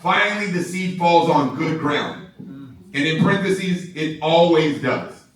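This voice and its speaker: A man giving an energetic, excitable motivational training talk to a live audience in a large room, laughing often and asking "right?" a lot. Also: a little high, a little slow. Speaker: sales trainer. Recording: echoey room, voice from far off.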